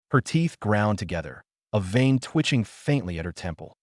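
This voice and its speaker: A man narrating a fantasy story in a steady, even storytelling manner. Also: on the low side, normal speed, hardly any pauses, dry recording, clean studio sound. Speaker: audiobook narrator.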